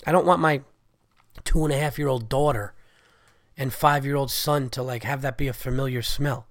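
A man's voice: mid-range voice, steady tone, moderate pace, no room sound, clean studio sound. A man in his thirties hosting a podcast, chatting casually in a profane, enthusiastic, rambling way while he has a cold. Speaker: podcast host. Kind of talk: casual monologue.

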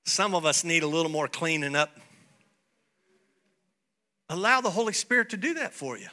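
A male pastor preaching a sermon, swinging from soft playful asides to shouted declarations. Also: fairly high pitch, lively intonation, moderate pace.

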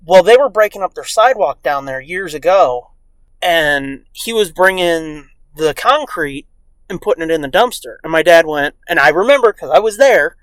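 A man's voice: fairly high pitch, normal speed, dry recording. A man co-hosting a casual podcast, telling profane stories and acting out the people in them. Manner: profane, animated, acts out quoted voices. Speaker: podcast co-host. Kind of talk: casual crude storytelling.

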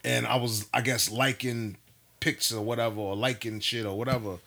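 A young man telling a story in casual chat, animated and profane, acting out what people said. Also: mid-range voice, moderate pace, vocal fry.

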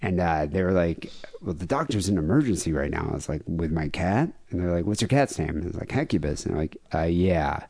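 A man's voice: low voice, animated, brisk, gravelly, dark tone. A man co-hosting a podcast in casual chat, grieving as he tells a long, profane, rambling story. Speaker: podcast co-host.

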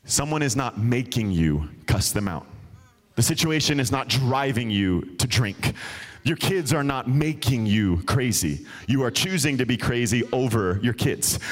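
A man's voice: medium pitch, lively intonation, normal speed. A man preaching a sermon at a church service, earnest and conversational, speaking straight to the congregation. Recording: loud music under the voice.

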